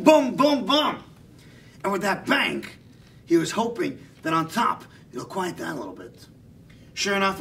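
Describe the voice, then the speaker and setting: A man acts out a preachy older rabbi spinning moral tales in a sermon-like, drawn-out way. The voice sits very high and sounds bright and forceful. The mic is set well back from him at a live stage. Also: distant mic, slight background noise, heavily acted. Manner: sermon-like, drawn-out emphatic delivery. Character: earnest older male rabbi storyteller, preachy. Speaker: jester performing an impression. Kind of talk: comic impression of a storytelling rabbi.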